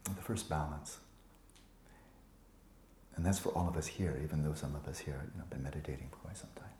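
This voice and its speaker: A man teaching meditation to a retreat group, relaxed and playful, often sinking into a soft whisper and teasing students by name. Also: extremely low pitch, a little fast, a little hiss or hum. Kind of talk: dharma talk to a retreat group. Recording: echoey room with faint ambience.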